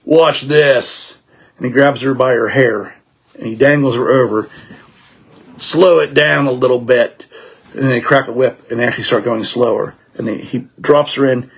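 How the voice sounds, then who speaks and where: A man's voice: mid-range voice, steady tone, normal speed, breathy edge. A man as dungeon master, narrating a streamed tabletop game in vivid, gory detail.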